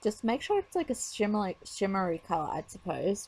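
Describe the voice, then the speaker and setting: A woman's voice: medium pitch, very animated, brisk, darkish tone. A woman talking casually over her makeup tutorial, chatty and rambling with lots of fillers.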